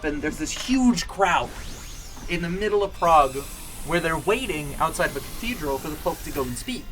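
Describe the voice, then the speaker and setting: A man telling a long shaggy-dog joke on a home stream, wandering through it with fillers and restarts. His voice sits a little high for a man. Faint music plays underneath. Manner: rambling, many fillers and restarts.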